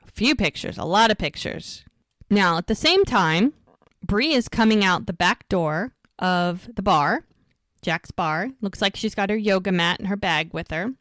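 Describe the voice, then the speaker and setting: A woman's voice: medium pitch, expressive, measured pace, fairly bright tone, no echo, studio quality. A woman co-hosting a podcast, casually retelling scenes blow by blow and acting out the characters' lines. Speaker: podcast co-host. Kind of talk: casual episode recap.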